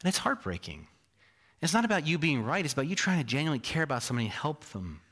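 A man's voice: fairly high pitch, very animated, fast talker, a bit bright. A man preaching a sermon as pastor, emphatic, with frequent rhetorical questions and self-deprecating asides.

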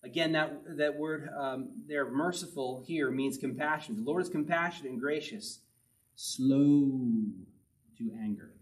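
Man, pastor, conversational sermon, emphatic repetition, somewhat high voice, distant mic. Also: moderate pace, hardly any pauses, a bit bright. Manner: conversational preaching, reads scripture aloud, emphatic repetition.

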